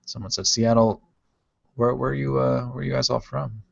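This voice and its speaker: A casual male podcast host from Ohio, rambling and playful as he reads out live chat comments. His voice sits at an ordinary pitch, and the stream audio is dull and lo-fi. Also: flat delivery, normal speed, vocal fry.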